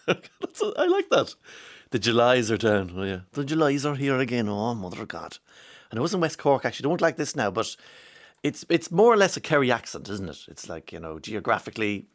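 A man's voice: fairly low pitch, fairly bright tone. A man from County Monaghan with an Irish accent, hosting a morning radio show in a rambling, chatty way from a studio microphone. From Ireland, County Monaghan. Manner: chatty, rambling, reads out listener texts. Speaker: radio host. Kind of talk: casual morning radio chat.

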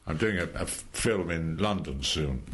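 An older actor being interviewed, telling stories in a relaxed, rambling way with many halting restarts. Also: male voice, deep voice. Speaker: actor guest. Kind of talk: relaxed anecdotal chat.

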